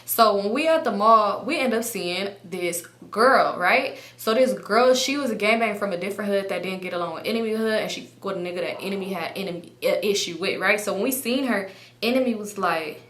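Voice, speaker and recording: Bright-voiced woman telling a story. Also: medium pitch, brisk, roomy sound. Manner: animated, acts out other people's lines; swears freely. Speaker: storytime vlogger. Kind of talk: casual storytelling.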